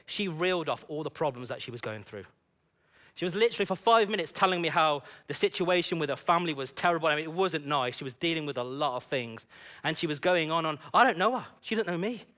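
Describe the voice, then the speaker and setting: A man preaching a sermon in a church service, telling a personal story in an animated, conversational way. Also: a little high, brisk.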